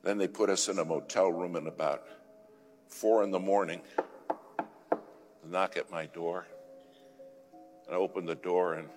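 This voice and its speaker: Man, very low voice, sermon, dramatic storytelling, loud to whispered, long hall echo, faint music behind. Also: steady tone, a little slow, pauses often. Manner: dramatic, swings from loud urging to hushed whisper. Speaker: guest speaker.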